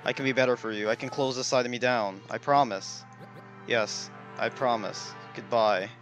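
A cursed game creator, a monstrous man full of regret, pleads and confesses in a hurried, plain voice, as a young man reads his lines aloud. His voice sits at a middle pitch, and soft game music plays underneath. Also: fairly even intonation, close to an everyday voice. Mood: regretful.

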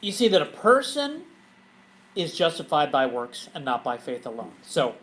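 A man, a pastor, teaching a Bible study to a group in a church, animated and often laughing as he asks questions. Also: a little high, normal speed, low-quality recording.

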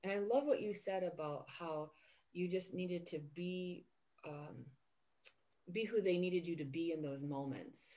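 Woman, podcast host, low voice, earnest, gently enthusiastic, casual chat. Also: unhurried.

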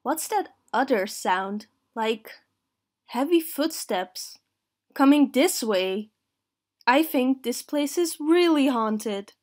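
A woman's voice: high voice, animated, takes it slowly, darkish tone. A woman reading a picture book aloud, voicing a dim-witted male gang thug who is boastful and greedy. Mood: nervous.

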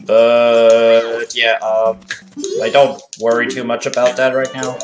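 A man's voice: medium pitch, monotone, takes it slowly, soft background music. A man from Canada with a French Canadian accent, chatting casually with viewers while streaming a game, laughing easily and stuttering a little. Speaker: speedrunner streamer. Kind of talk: casual live-stream chat while playing.

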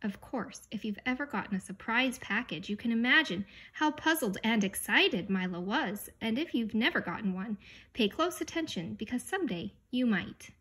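A woman narrating a children's novel in an unhurried, expressive read-aloud manner. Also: fairly high pitch, husky. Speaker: audiobook reader. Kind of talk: storybook narration.

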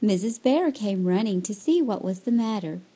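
A woman reading a children's picture book aloud, slowly and expressively. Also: mid-range voice, expressive, mellow. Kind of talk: storybook read-aloud.

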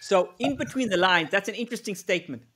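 Guy cohosting a live webinar, pretty high voice, tells stories, laughs a lot. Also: lively intonation, fast, a bit bright. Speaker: co-presenter, negotiation expert.

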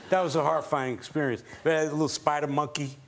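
A man's voice: fairly high pitch, steady tone, brisk. A man guest on a talk show, telling a rambling casual anecdote.

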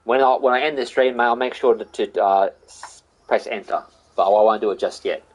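A man's voice: on the low side, fairly quick, low-quality recording. A young Australian man chatting casually with viewers on a live game stream, greeting them by name and calling them mate and buddy.

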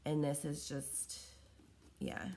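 A woman with a low, deep-set voice chats casually through an unboxing of craft supplies at home. She gushes and wanders from thought to thought, coughing now and then and sounding a little short of breath. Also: big pitch swings, takes it slowly, dark tone. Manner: chatty and scattered, gushing over small items. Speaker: craft vlogger opening fan mail. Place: at home in her living room.

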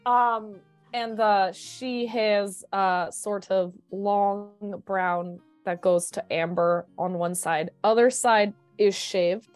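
A woman's voice: medium pitch, fairly even intonation, slow, clear, resonant tone, dry recording, soft background music. A woman playing a tabletop game, playful and describing her character at length with many fillers. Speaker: player. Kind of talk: casual tabletop game chat.

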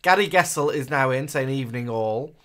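A man's voice: mid-range voice, lively intonation, fairly quick, fairly bright tone. A man co-hosting a livestream, chatting casually and camply as he reads out and greets viewers by name. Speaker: co-host of a livestream. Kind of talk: casual livestream chat reading out viewer names.

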